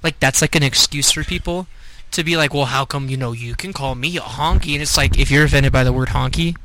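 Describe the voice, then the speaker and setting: A man's voice: medium pitch, fairly quick, low-quality recording. A young man co-hosting a podcast, chatting casually and telling stories full of swearing. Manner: profane, animated storytelling. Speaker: podcast co-host. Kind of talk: casual chat.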